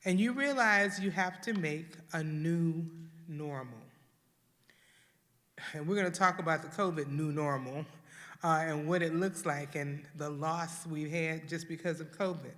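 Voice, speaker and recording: Leading a grief workshop in a church hall, this Houston, Texas woman talks earnestly and voices the words of people in mourning. She speaks at a measured pace in a low, fairly bright voice, and the room leaves a long reverb tail.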